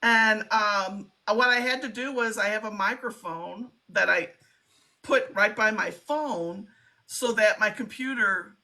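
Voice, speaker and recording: Woman, bright voice, rambling casual live-stream host, laughs often. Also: mid-range voice, slow. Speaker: livestream host.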